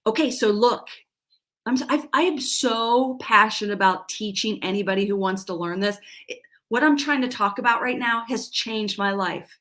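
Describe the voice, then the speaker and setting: Middle-aged woman life coach talking on a livestream, earnest, keeps restarting, a bit high voice. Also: normal speed, fairly bright tone. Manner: earnest, self-deprecating, restarts often. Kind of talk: live-streamed coaching talk.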